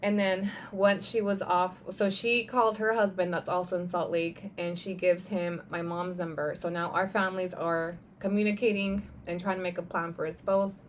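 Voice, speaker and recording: Young woman livestreaming a story, kinda low voice, lots of "like" and "right?", swears a bit. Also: flat delivery, moderate pace, hardly any pauses, a little hiss or hum. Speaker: vlogger on a live stream. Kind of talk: casual personal storytelling.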